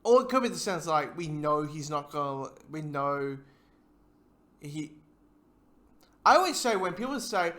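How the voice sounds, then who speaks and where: Rambling man, somewhat high voice. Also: expressive, unhurried, pauses often, pushed and bright. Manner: rambling, stumbling, restarts sentences. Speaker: movie commentary host. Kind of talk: casual watchalong commentary.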